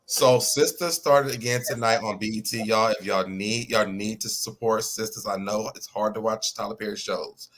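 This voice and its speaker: A man's voice: fairly low pitch, fairly even intonation, moderate pace, hardly any pauses, fairly bright tone. A man co-hosting a casual gossip chat over a video call, rambling and laughing often, talking straight to viewers. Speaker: co-host of gossip show.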